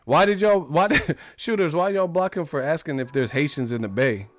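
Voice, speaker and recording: A man's voice: fairly high pitch, moderate pace, dry recording. Laid-back slangy male streamer. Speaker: livestream host. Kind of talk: casual chat.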